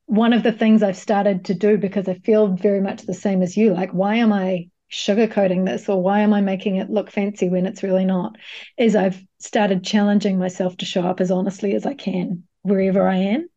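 A woman with a New Zealand accent talks candidly and expressively as a podcast guest over a video call, casually dropping the odd swear word. Her voice is mellow and relaxed. The call audio sounds a little dull and lo-fi. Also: medium pitch, brisk. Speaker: guest, coach and facilitator.

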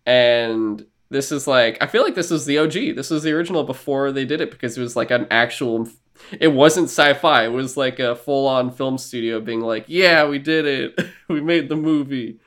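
A man's voice: mid-range voice, normal speed, fairly bright tone. A man co-hosting a podcast in casual chat, rambling and joking with casual swearing. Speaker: podcast co-host.

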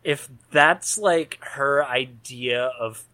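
A man's voice: medium pitch, drawn-out words, bright, forceful tone. A man co-hosting a casual movie podcast, rambling and joking as he talks through scenes. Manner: rambling, jokey, laughs at own lines. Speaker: podcast co-host. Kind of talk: casual film discussion.

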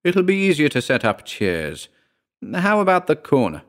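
A man's voice: on the high side, wildly swooping pitch, moderate pace, pitched above the performer's own voice. A man reading a story aloud and voicing a tipsy, impatient party host. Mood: brusque.

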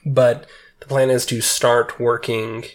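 A man with a stuffed-up, nasal voice hosts a laid-back podcast chat. He rambles loosely, filling gaps with "like" and "um" and breaking into quick laughs. His pitch sits in an ordinary middle range. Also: little pitch movement. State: congested, nasal. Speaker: podcast host.

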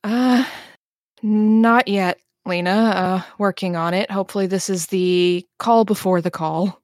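A woman's voice: medium pitch, steady tone, a little slow, a little mellow, no room sound, studio quality, close to an everyday voice. A woman voicing a seasoned adult scavenger who is cocky but protective, reassuring family on a call and brushing off worry.

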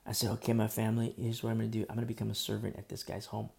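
A man preaching an earnest, animated sermon, speaking through a sore throat. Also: on the low side, racing, gravelly, few pauses. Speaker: pastor.

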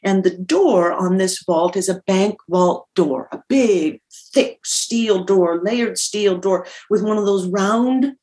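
A woman's voice: mid-range voice, takes it slowly, dark tone. An older woman with a Minnesota accent, a guest telling detailed stories from memory in a podcast interview, often restarting her sentences. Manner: detailed, self-correcting recollection. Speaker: guest, audio engineer.

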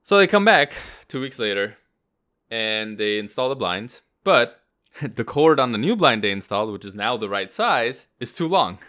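A man's voice: medium pitch, very animated, normal speed, sharp tone. A man co-hosting a podcast, telling a long personal story in a rambling, casual way. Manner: rambling anecdote with acted-out quotes. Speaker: podcast co-host.

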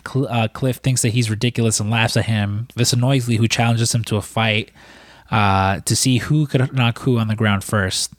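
A man's voice: fairly low pitch, fairly even intonation, normal speed, no echo. Man, casual film recap, rambling with fillers, dry close sound. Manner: rambling, many fillers and restarts. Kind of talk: casual movie recap chat.

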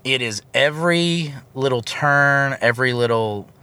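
A man co-hosting a podcast, reviewing a movie in casual chat with a sarcastic, animated manner. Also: mid-range voice, smooth. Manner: sarcastic, animated, quick asides. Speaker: podcast co-host.

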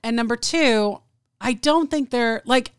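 A woman's voice: fairly high pitch, a little slow, smooth, no echo, clean studio sound. A woman co-hosting a podcast in casual chat, talking freely with fillers and swearing. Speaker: podcast co-host.

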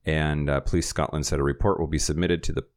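Deep-voiced man hosting a news rundown. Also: level tone, fast. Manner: reads news items with wry asides and laughs. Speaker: podcast host.

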